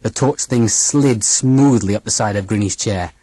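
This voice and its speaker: An audiobook narrator telling a first-person story in a dramatic, expressive reading. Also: mid-range voice, normal speed, husky, dry recording.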